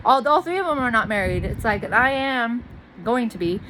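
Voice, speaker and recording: Woman vlogger, fairly high voice, blunt and exasperated, swears a lot, rambling rant, faint background noise. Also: expressive, moderate pace, a bit bright, low-quality recording. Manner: rambling, repeats phrases. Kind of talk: casual venting monologue.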